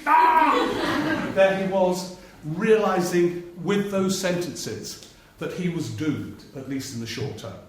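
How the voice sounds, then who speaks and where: Male journalist on stage, slightly high voice, spinning political anecdotes, booming theatre echo. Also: takes it slowly, hardly any pauses. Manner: storytelling, acts out politicians' voices for laughs. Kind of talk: live one-man stage talk with anecdotes. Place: theatre stage before a live audience. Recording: very echoey live theatre recording, faint noise. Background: audience laughter.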